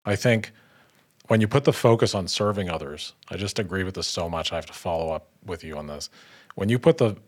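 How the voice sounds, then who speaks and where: Man, low voice, podcast host in casual conversation, enthusiastic and quick to agree. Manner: enthusiastic, agreeable, laughs easily. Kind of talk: casual interview talk.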